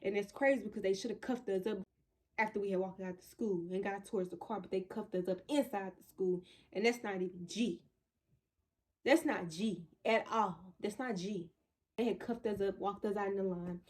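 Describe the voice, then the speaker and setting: Woman, vlogger, casual storytime; animated, talks straight to camera, middle pitch. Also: fairly quick. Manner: chatty, loose retelling with restarts.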